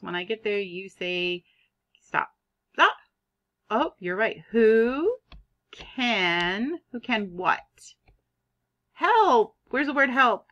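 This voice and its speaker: Slow, animated kindergarten teacher woman. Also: medium pitch, dull audio. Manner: animated, drawn-out teacher talk, sounding out words. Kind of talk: online phonics lesson for young children.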